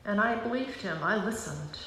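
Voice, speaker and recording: A woman's voice: mid-range voice, animated, bright, forceful tone, slight background noise. Earnest woman preaching in an echoing church. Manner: earnest, emotional, pausing. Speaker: pastor. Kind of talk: personal testimony sermon. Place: church sanctuary. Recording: roomy church hall sound.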